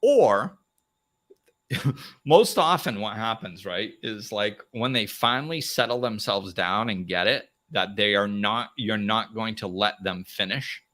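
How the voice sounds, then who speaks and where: Bright-voiced man hosting a live talk. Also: on the low side, measured pace. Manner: animated, acts out little dialogues, plain-spoken. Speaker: host.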